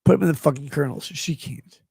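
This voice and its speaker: A man's voice: on the high side, brisk, gravelly, a little mellow, slightly rough, no echo. A man hosting a livestream, reading chat messages aloud and rambling in a profane, jokey way. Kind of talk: casual rambling stream chat.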